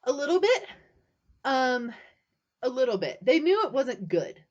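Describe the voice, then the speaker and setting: A woman guest on a podcast, telling a personal story in a lively, casual way, with lots of "like.". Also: high-pitched, unhurried, lo-fi sound. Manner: animated, heavy use of "like". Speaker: guest author.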